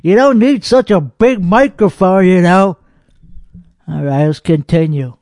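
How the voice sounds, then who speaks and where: In this comedic podcast monologue, a man voices a belligerent, boastful comedian host who rambles and swears in a mocking mood, jabbing roughly at his targets. His voice sits high for a man but has a darkish tone and a measured pace. He's captured up close in a dry recording without room sound.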